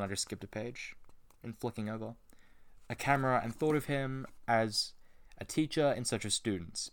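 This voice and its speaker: A man reading a book aloud and breaking off into casual, sarcastic commentary with some swearing. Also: lowish voice. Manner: casual, sarcastic asides and swearing between read passages. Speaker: reader and commentator.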